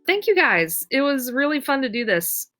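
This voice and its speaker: A woman's voice: high-pitched, sing-song, normal speed, over loud music. A woman teaching ukulele in a casual tutorial, counting beats aloud with many ums. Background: her own ukulele strumming.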